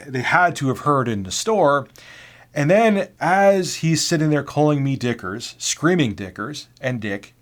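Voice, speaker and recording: A middle-aged man vlogger telling personal work stories in a candid, sardonic, conversational way. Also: on the high side. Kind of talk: casual storytelling.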